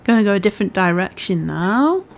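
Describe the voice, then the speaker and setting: A woman's voice: mid-range voice, big pitch swings, fairly quick, vocal fry, slight background noise. A woman with a part Scouse, part Welsh accent, casually commentating a game she is playing, chatty and self-deprecating. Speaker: gaming channel host. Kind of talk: casual let's-play commentary.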